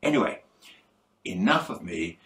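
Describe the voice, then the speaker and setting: Older male photography vlogger, lowish voice, lively pitch, slow and deliberate, a bit hoarse. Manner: measured, unhurried, slightly stumbling. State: losing his voice. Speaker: photography YouTuber. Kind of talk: spoken advice to viewers.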